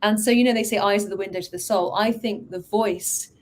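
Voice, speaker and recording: Woman, vocal coach, enthusiastic, conversational, mid pitch, faint background noise. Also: brisk. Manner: enthusiastic, expressive, animated quoting. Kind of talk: casual conversational explanation.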